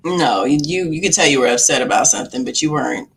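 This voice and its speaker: A woman in a casual chat, listening and answering in a measured, reserved way. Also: low-pitched, lively intonation, slight background noise.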